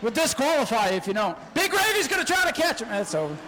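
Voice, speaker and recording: A man announcing a spectator race from the flag stand at an outdoor speedway, excitable and joking, often shouting. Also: very high voice, fast talker, heavy background noise. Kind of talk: live race commentary over PA.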